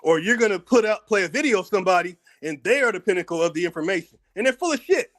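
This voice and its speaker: Combative high-voiced American man ranting. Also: lively intonation, quick pace, fairly bright tone. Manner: combative, profane, repeats words when worked up. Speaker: channel host. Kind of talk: heated commentary rant.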